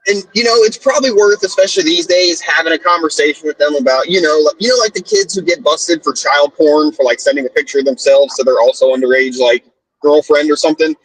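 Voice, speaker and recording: Husky guy chatting loose on a stream, kinda high voice, swears a lot, laughs easy. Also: quick pace, fairly bright tone, low-quality recording. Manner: laid-back, swears freely, laughs often. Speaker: podcast co-host. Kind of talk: casual chat. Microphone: streaming setup.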